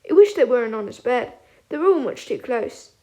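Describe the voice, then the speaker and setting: A woman reading a fan audiobook aloud with expressive storytelling. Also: a little high, a little fast. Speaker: audiobook reader.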